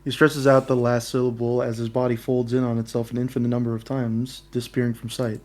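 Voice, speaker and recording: Male player, mid-pitched voice, casual story-game narration with offhand asides. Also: flat delivery, fast, darkish tone. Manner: plain first-person narration with offhand asides.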